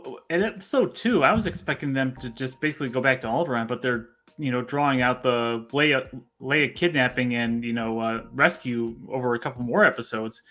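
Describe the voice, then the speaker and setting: A man co-hosting a podcast, measured and thoughtful in casual chat. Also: mid-range voice, pushed and bright. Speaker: podcast co-host.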